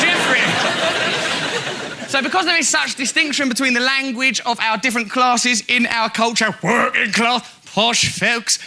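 A man hosting a comedy show, mocking clips with quick-witted commentary. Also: very high-pitched. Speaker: comedy host. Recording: loud audience laughter and noise. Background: studio audience.

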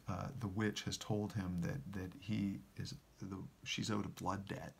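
Man, church minister, devotional talk, earnest, halting restarts, gravelly. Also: lowish voice. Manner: halting, repeats words, earnest. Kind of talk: devotional message with read-aloud.

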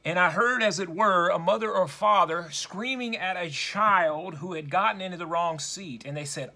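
A male preacher with a high, ringing, bright voice delivers a sermon. He speaks slowly and deliberately, with dramatic stress on his points.

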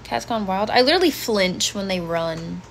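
A woman's voice: mid-range voice, lively intonation, normal speed, gravelly, background noise. A woman in her twenties on a casual home livestream, reading chat comments aloud and reacting bluntly. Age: 20s. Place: bedroom at home.

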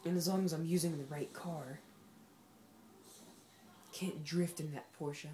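A woman's voice: deep voice, fairly even intonation, a little slow, dark tone, a little hiss or hum. A woman giving casual, sarcastic commentary while playing a racing game, talking back at the game's characters. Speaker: gameplay commentator.

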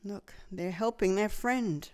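A woman reading a children's picture book aloud, slow and expressive, pointing the listener to the pictures. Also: medium pitch. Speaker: storyteller.

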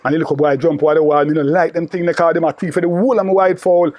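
An older man from Jamaica recounts the old days in broad patois, his voice pitched somewhat high. The sound is dry and close, with no room around it. He rambles and repeats himself, with "you know" in nearly every line. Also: little pitch movement, rapid-fire, dry recording, lo-fi sound. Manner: repetitive, peppered with "you know". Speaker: interviewee recalling old friend. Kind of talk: rambling oral storytelling.

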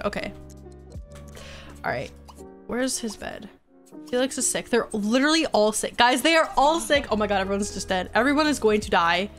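A woman's voice: on the high side, fairly bright tone. A young woman streaming a life-sim game, chatting casually and sounding exasperated as she pleads with her characters.

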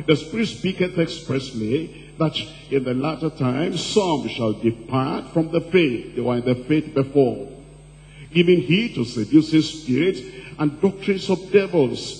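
A man preaching a sermon as pastor, asking the congregation questions and reading scripture slowly and deliberately. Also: mid-range voice, darkish tone. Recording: distant-sounding hall recording with faint hum.

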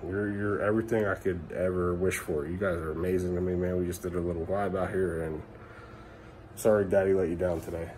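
A man's voice: sits low, steady tone, a little fast, darkish tone, a little hiss or hum. A man in his thirties, a father vlogging at home at night, talking casually and emotionally with swearing and fillers. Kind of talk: casual vlog talk to camera. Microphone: camera mic.

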